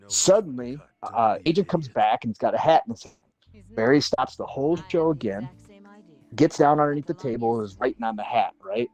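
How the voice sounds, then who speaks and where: A man's voice: mid-range voice, a little mellow. A man in his forties from Minnesota tells a long personal anecdote on a livestream. He swears casually and acts out what other people said. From Minnesota, USA. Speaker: livestream panelist.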